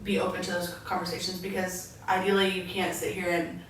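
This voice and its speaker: A young woman co-hosts a casual chat, telling lively stories and quoting herself along the way. Her voice sits far from the mic in a very echoey room, with faint noise underneath. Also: fairly low pitch, a little fast. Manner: animated storyteller, quotes herself. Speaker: podcast co-host.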